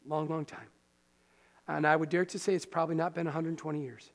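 A man pastor preaching a sermon in a conversational, animated way, with quick asides to the congregation. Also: on the high side. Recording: long hall reverb.

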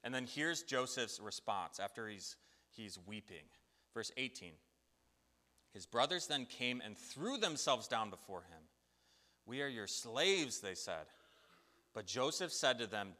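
A man preaching a sermon, telling a Bible story with lively acted-out voices. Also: medium pitch, unhurried, pauses often, in a large hall. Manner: animated storytelling, acts out biblical voices.

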